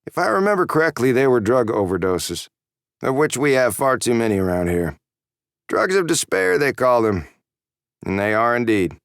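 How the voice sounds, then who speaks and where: A man's voice: mid-range voice, very animated, moderate pace, clean tone, dry recording, studio quality, voice pushed up. A man reading an audiobook voices a police chief in his mid-sixties, curt and nasal. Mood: dismissive. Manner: curt and evasive.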